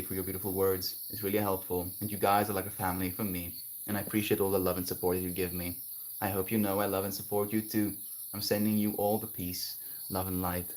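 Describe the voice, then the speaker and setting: A man livestreaming, chatting gently and affectionately with viewers about kindness and spirituality. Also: slight background noise. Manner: gentle, spiritual, affectionate, breaks into high laughing bits. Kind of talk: casual chat reading viewer comments.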